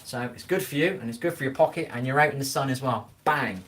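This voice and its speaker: A man's voice: mid-range voice, fast, a bit bright. A middle-aged man hosting a casual livestream, reading viewer comments aloud and giving folksy advice while stumbling over names. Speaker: livestream host.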